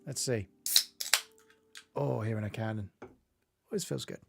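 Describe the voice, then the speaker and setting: A man's voice: on the low side, unhurried, vocal fry. A man chatting casually with viewers at the start of a live stream, greeting them by name and rambling a little. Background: faint game music.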